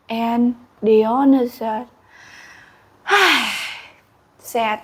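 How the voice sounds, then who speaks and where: A woman's voice: high voice, extremely slow, long pauses. A young adult woman telling a story as an English lesson, with English, sound effects and gasps. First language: Vietnamese. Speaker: English teacher.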